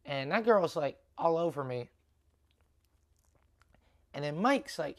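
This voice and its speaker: Female comic, low voice, loose podcast monologue, swears, acts out lines. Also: measured pace, long pauses. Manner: animated, swears, acts out dialogue in quotes. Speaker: stand-up comedian. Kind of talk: casual solo podcast storytelling.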